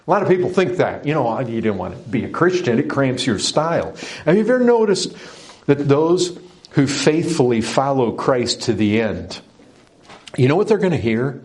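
A man's voice: very animated, normal speed, a little mellow. Emphatic male preacher. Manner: emphatic, with sudden rises in pitch and volume. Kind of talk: sermon.

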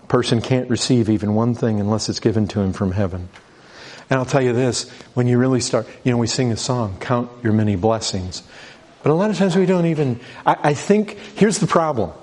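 A man's voice: medium pitch, brisk, a little mellow. A middle-aged man preaching a sermon in a conversational way, stumbling over restarts and repeated words, reading scripture aloud and building urgency. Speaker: pastor.

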